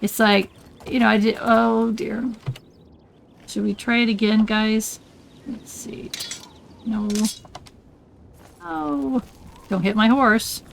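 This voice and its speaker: An older woman hosting a relaxed let's play, chatting and rambling as she plays and often getting sidetracked. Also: fairly high pitch, takes it slowly, vocal fry, pauses often, slight background noise, low-quality recording. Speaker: gaming channel host. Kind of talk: casual let's play commentary.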